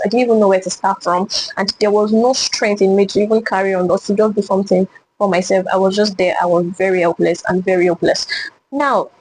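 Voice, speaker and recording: A young woman from Nigeria speaks quickly and earnestly, looking back on her own experiences. She talks in a reflective, unscripted way, restarting phrases and filling pauses as she goes. A faint background hum sits under her voice. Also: mid-range voice, a little mellow, low-quality recording. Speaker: vlogger. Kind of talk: personal testimony to camera.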